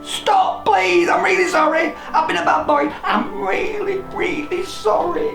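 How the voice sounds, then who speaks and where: A storyteller voicing a naughty, panicky young boy in a children's storybook reading, pleading in high squealing bursts. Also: sing-song, a little slow, creaky. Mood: panicked. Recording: roomy echo, faint music.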